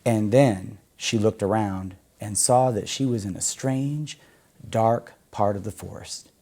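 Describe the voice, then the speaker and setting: A man reading a children's story aloud in a gentle, expressive storytelling way. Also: fairly low pitch, measured pace.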